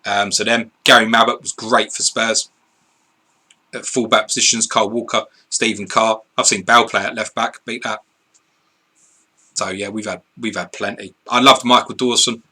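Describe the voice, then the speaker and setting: A man's voice: on the low side, sharp tone. A man, co-hosting a live stream, reading viewer questions and answering in blunt, sweary, casual chat. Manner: blunt, sweary, laughs easily.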